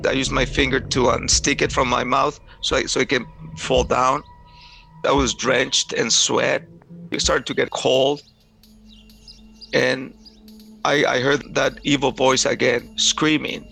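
Gravelly, bright-voiced man telling a harrowing tale. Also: mid-range voice, flat delivery, measured pace. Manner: intense, earnest, vivid retelling. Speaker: storyteller recounting a personal experience. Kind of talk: dramatic first-person testimony.

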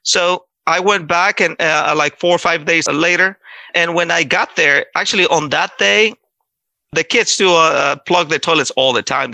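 A man telling his own story in a halting, conversational way, acting out what others said. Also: on the high side, vocal fry, bright, forceful tone, no echo. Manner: halting, restarts, acts out quoted voices. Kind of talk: personal testimony, casual storytelling.

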